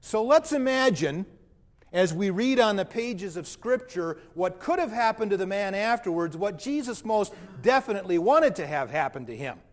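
A man's voice: sits high, expressive, moderate pace. A man preaching a sermon in a reflective, explanatory way, with a long hall reverb.

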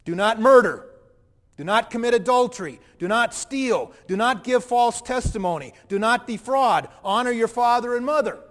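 A man voicing a calm, authoritative male teacher in a dramatic monologue, speaking in a measured, firm way, with a long hall reverb. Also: very high-pitched, pitched above the performer's own voice. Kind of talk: quoted lines in a dramatic monologue.

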